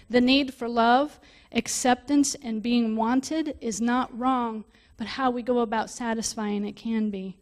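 A woman preaching a sermon, reading scripture aloud and stopping to explain it, growing louder on key points. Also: on the high side, steady tone, a little slow, hardly any pauses. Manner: reads scripture aloud and breaks off to explain it, rising with emphasis.

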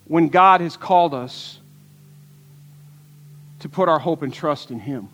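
A man's voice: fairly high pitch, takes it slowly, a bit bright. A man preaching a sermon as pastor, telling stories in an earnest way and asking the congregation rhetorical questions. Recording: long hall reverb.

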